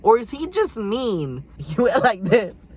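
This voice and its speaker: A man's voice: slow pace, slightly rough. A young man telling a casual storytime vlog in a sassy, dramatic way. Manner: animated, sassy, dramatic delivery with big swings in pitch. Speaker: storyteller vlogger.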